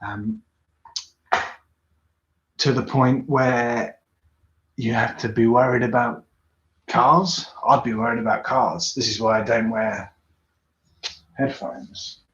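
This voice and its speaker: With a fairly bright, medium-pitched voice, a British man talks slowly and pauses often while answering comments on his live tinkering stream. The chat is casual and rambling, full of self-mockery, and the sound is roomy and dull.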